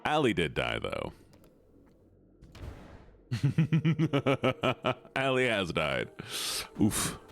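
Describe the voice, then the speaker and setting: A man's voice: medium pitch, wildly swooping pitch, very slow, creaky, pauses often, fairly bright tone, a little hiss or hum. A man streaming a video game, chatting playfully with his viewers in casual commentary. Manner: playful, banters with chat, drops into silly voices.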